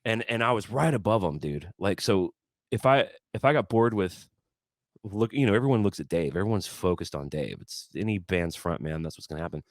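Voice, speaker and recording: A man in a casual podcast chat, telling stories as a guest musician, animated and stumbling over repeated words as he talks. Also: low-pitched, fairly quick, dry recording, studio quality.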